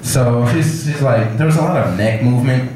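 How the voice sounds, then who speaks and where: A young man at a cafe open mic night does stand-up, his medium-pitched voice moving at a normal pace. He tells a rambling, animated story and acts out the characters in it. The echoey cafe recording picks up crowd noise.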